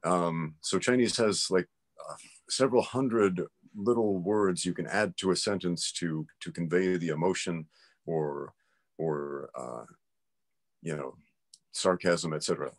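A man with a notably low, deep voice talks through his views in a relaxed interview. He explains emphatically and firmly, sounding like someone holding strong opinions. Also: unhurried. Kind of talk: casual conversation.

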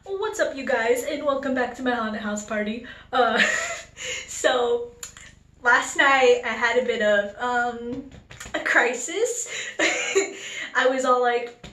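Late-teen woman, casual vlogger, giggly and self-mocking, unhurried delivery; echoey home room with faint background noise. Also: sits high, expressive, fairly bright tone. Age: late teens. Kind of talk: casual vlog chat.

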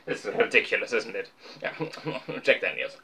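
A man's voice: fairly low pitch, expressive, normal speed, background noise. A young man talking casually to camera about his records, rambling and joking at his own expense with lots of fillers. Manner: rambling, joking, self-mocking, many fillers. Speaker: vlogger showing his record collection.

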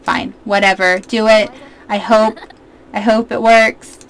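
A woman in her twenties giving casual, excitable let's-play commentary as a gaming YouTuber, chatting to her viewers. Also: medium pitch, slow, smooth.

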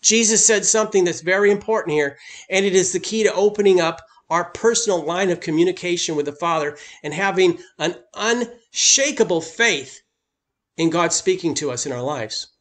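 A man's voice: sits high, moderate pace. A man preaching a sermon as pastor, speaking emphatically and lifting his voice on key points.

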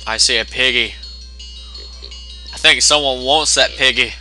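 His voice is mid-range and a little slow, with fairly even intonation, sounding pushed and bright. He provides let's play commentary over game music, cracking jokes, swearing, and reading the game text in mock voices.

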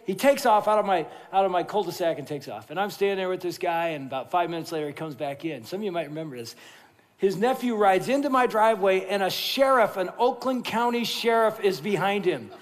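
A man preaching a sermon as pastor, telling stories in an animated, jokey way and then turning quiet and earnest. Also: high voice, fairly quick. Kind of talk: sermon with storytelling. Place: large church sanctuary. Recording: long reverb of a large church hall.

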